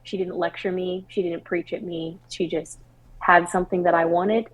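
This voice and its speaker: Candid, expressive woman podcast guest. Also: fairly low pitch, normal speed, rough recording. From Washington State, US. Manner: candid, expressive storytelling with laughs and quoted dialogue. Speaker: guest singer-songwriter. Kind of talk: podcast interview, personal story.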